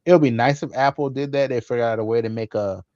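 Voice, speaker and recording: A man's voice: mid-range voice, fairly even intonation, fast, darkish tone, no echo. A man co-hosting a tech podcast in laid-back casual chat, swearing easily and laughing as he mimics others. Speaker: podcast co-host. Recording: dull, dry lo-fi audio.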